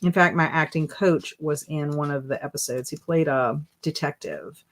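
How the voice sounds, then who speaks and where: A woman hosting a casual live stream, chatty and animated as she reads viewer comments aloud and reacts to them. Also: sits low, normal speed. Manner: animated and emotional. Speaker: livestream host.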